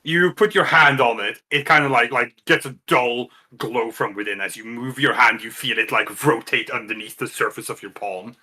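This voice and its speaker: A man's voice: mid-range voice, normal speed, hardly any pauses, pushed and bright. A man narrating a tabletop role-playing game as game master, chatty and full of filler words.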